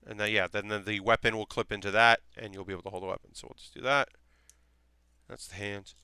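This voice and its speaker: A young man from South Carolina talks casually while he builds a model kit on a live stream, reassuring his viewers and thinking out loud. His voice is bright and very clear, caught close and dry on a desk mic. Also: lowish voice, steady tone, fast talker, no room sound. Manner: chatty, reassuring, thinks aloud with restarts.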